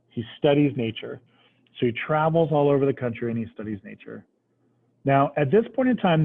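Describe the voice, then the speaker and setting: A man teaching a history class in a casual, conversational way, often checking in with the students. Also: medium pitch. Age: adult, past military service. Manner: conversational, checks understanding with "right?". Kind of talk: classroom lecture. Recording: tinny phone-like recording.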